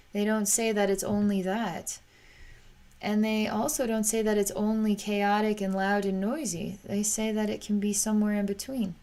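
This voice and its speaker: A woman psychic reader narrating a vision as it unfolds, in a halting, searching way with frequent restarts, soft and low-key, rising in pitch when she describes anger.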